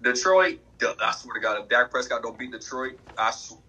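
Husky guy ranting about football picks, bright voice, pitch jumps all over. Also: brisk, low-quality recording. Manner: animated, emphatic, trash-talking. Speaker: podcast co-host. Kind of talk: casual sports chat.

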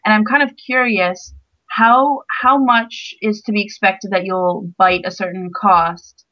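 A woman with a bright voice is a guest on a casual podcast. She thinks aloud with fillers and asks curious questions. The sound is muffled and dull. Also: medium pitch, fairly even intonation, measured pace. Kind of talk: casual chat.

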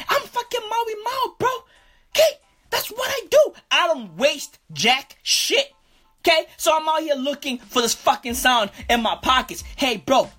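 A woman's voice: high voice, a bit bright, husky, full character voice. A woman playing a boastful, foul-mouthed male street bro who talks in cursing slang and keeps saying "bruv", in a comedic character monologue.

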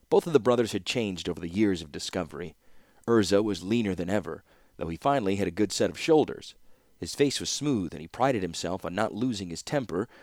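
A man reading a fantasy novel aloud in steady, even scripted narration. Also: low voice, dry recording, studio quality. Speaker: audiobook narrator.

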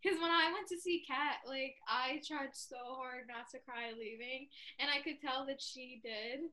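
High bright young woman telling a story. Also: measured pace. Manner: animated storyteller, laughs often, says "like" a lot. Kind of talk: casual chat.

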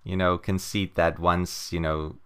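A man with a very low voice talks through a story in loose, easygoing chat. He rambles with plenty of fillers and little chuckles along the way. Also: level tone, measured pace, clean tone. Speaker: comic book podcast co-host. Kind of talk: casual chat.

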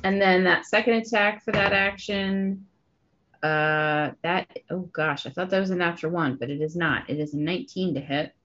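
A woman with a lowish voice plays a tabletop game and chats casually as she calls out her rolls. The sound is muffled and lo-fi. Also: normal speed, a bit bright. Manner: chatty, reads out dice rolls. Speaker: player. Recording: dull lo-fi sound.

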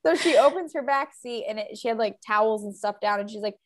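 Chatty woman telling a lively story. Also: medium pitch, quick pace. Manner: animated storyteller, acts out quoted voices. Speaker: podcast co-host. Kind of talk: casual storytelling chat. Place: home, under a blanket.

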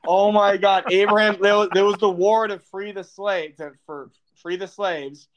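A man's voice: high voice, steady tone, normal speed, lo-fi sound, background noise. A young man co-hosting a podcast, quizzing his partner in a teasing, casual way and laughing often. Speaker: podcast co-host and quizmaster. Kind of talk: casual chat.

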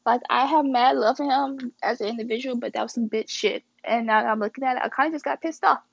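Animated young woman telling a story. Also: a little high, fast talker, creaky, no room sound. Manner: animated, quotes texts in voices, swears freely. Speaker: podcast host. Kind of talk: casual storytelling. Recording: dry, dull lo-fi audio.

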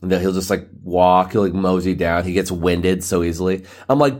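Male podcast host, late thirties, very deep voice, rough and loose, rambles with lots of filler. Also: steady tone, normal speed, few pauses, a little mellow. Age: 30s. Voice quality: morning-rough voice. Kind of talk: casual solo podcast rant.

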